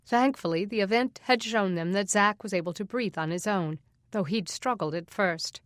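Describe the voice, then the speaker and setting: A woman reading a suspense audiobook in a steady, even narration. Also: medium pitch, moderate pace, dry recording, studio quality.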